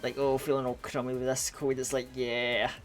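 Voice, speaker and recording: A man's voice: mid-range voice, monotone, normal speed, faint music behind. A man streaming a game, chatting casually and rambling with lots of restarts while groggy from a cold. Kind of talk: casual live gaming stream chat.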